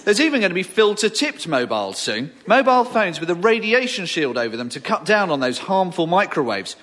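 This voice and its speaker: A man performing in a comedy sketch, wry and lively. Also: sits high, a little fast, slight background noise.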